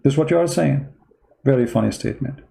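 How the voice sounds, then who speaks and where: A man's voice: medium pitch, quick pace, creaky, mellow, low-quality recording. A man with non-native English giving online commentary, arguing his point with rhetorical questions. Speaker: Christian commentator.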